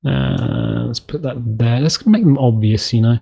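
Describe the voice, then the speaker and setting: A man's voice: mid-range voice, unhurried, gravelly, husky, dull audio. A man giving rambling, self-mocking commentary while building in a game's map editor, now and then dropping into silly voices. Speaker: gameplay commentator. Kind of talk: casual let's-play commentary.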